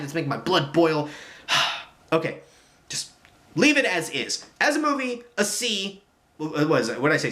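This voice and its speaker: A man giving a casual movie review, animated and exasperated, restarting and repeating himself when worked up. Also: fairly high pitch.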